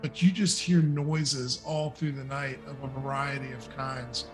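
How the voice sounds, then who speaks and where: An American man running a tabletop game as dungeon master, narrating scenes and switching quickly into characters. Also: medium pitch, fairly even intonation, music in the background.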